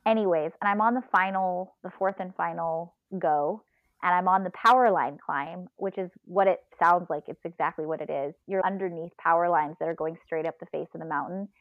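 A woman telling a long personal story in a casual, animated way, laughing and acting out her own inner voice. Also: on the low side, brisk, dry recording, narrow, tinny audio. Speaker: podcast guest, ultrarunner.

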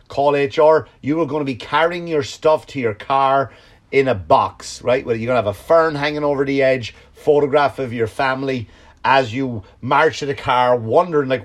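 A man's voice: medium pitch, moderate pace. Sarcastic Irish man doing a comedic monologue. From Ireland. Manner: sarcastic, profane, rambling. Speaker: podcast host.

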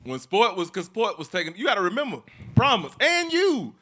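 Bright-voiced man making his case. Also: high voice, wildly swooping pitch, brisk. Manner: earnest, persuasive explainer. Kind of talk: casual podcast chat.

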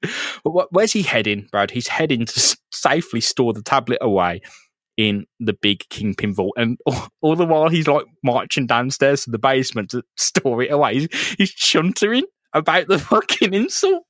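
A man's voice: mid-range voice, sing-song, moderate pace, fairly bright tone, no room sound, clean studio sound. A man co-hosting a podcast in casual comic chat, swearing freely and acting out characters with a laugh. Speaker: podcast co-host.

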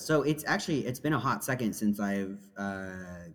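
A man's voice: lowish voice, steady tone, unhurried, fairly bright tone, in a large hall. A young man who is a podcast guest, chatting in a playful, jokey and self-deprecating way. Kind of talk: casual podcast chat.

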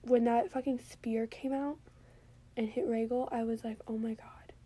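A woman with a slightly high voice reviews a TV episode at normal speed, drinking as she goes. Her chat is casual and animated, peppered with swearing and plenty of "like".

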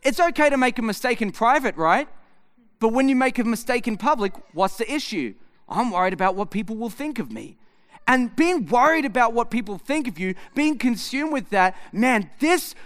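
A man's voice: extremely high pitch, very animated, normal speed, fairly bright tone. A man, preaching a sermon and acting out conversations with his son. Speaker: pastor. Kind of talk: sermon with storytelling.

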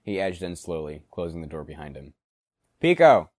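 A man's voice: a bass voice, steady tone, quick pace, dry recording, clean studio sound. A man reading a story aloud and acting out the characters' lines in dialogue. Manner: acts out characters in dialogue, shouting and growling.

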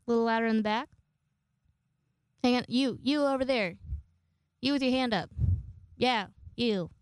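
A young woman hosts a casual podcast, her voice on the high side at a measured pace with no echo. She tells rambling, profane stories full of self-mockery in a loose storytelling chat.

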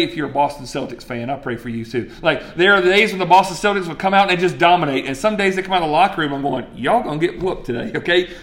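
A man's voice: a little high, a bit bright. A man, preaching a sermon in a conversational way and asking the crowd questions. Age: 40s. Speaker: pastor.

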